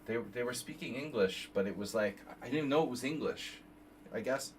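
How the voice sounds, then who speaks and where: A man's voice: mid-range voice, a little fast. A man in his fifties streaming casual chess analysis, rambling off on tangents while he reads moves aloud. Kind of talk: casual live game analysis. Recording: slightly distant mic, faint background noise.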